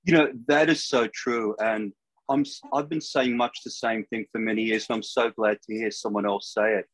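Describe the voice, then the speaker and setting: Older man interviewing over a video call, husky voice, close and dry sound, measured and thoughtful. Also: lowish voice, fairly even intonation, fairly bright tone, no echo, rough recording. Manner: measured, thoughtful, with small restarts. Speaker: podcast host.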